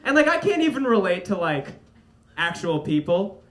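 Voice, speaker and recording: A young man doing a stand-up comedy set on stage, with a light, fairy-tale-like voice. He is animated and laughs through his punchlines. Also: high-pitched, moderate pace. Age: young adult. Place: comedy stage before a live audience. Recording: roomy live venue, loud audience noise.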